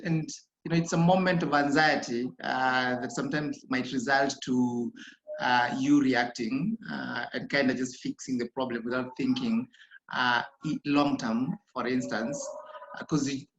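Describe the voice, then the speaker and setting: A workshop participant giving a halting, reflective answer with many pauses and fillers. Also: mid-range voice, a bit bright. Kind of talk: hesitant answer in a group session. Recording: dull, roomy, faint noise.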